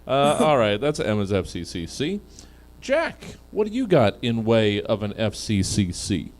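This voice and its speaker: A man's voice: fairly low pitch, huge pitch swings, a little slow. A man hosting a comedy panel show, joking loosely and laughing often.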